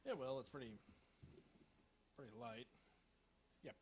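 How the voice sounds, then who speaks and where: A man's voice: medium pitch, fairly even intonation, a little slow, a little hiss or hum. A man performing at an open mic, reading Halloween one-liners in a hesitant, rambling way full of fillers and restarts. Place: small live venue.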